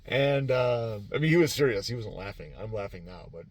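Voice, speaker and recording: A low-pitched man talks through his convention weekend in a loose, meandering way, circling back and restarting his sentences. He runs tabletop games. His voice is close and dry, with almost no room sound. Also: big pitch swings, quick pace, slightly rough, no echo. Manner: rambling, many fillers and restarts, laughs easily. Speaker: game master at a convention. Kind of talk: casual vlog recap.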